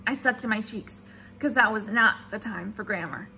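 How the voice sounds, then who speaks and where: A woman reading a children's chapter book aloud in an animated, expressive storytelling manner. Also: medium pitch, moderate pace, a little hiss or hum. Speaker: reader.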